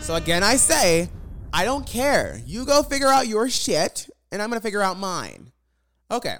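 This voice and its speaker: Profane, exasperated young man ranting lively. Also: high voice, moderate pace, soft background music. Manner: profane, exasperated, repeats phrases. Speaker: vlogger. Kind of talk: storytime rant to viewers.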